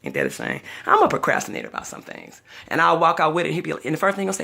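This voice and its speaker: A woman's voice: low voice, big pitch swings, fast talker, gravelly, a bit bright. A chatty older woman vlogging, telling a personal story dramatically and acting out the other people's voices. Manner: dramatic, chatty, acts out voices in her stories. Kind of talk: casual storytelling vlog.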